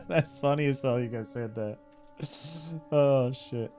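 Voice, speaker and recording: A young man chatting casually with viewers while he streams a game, relaxed, laughing often and swearing freely. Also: medium pitch, measured pace, faint music behind. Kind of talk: casual live-stream chat while gaming.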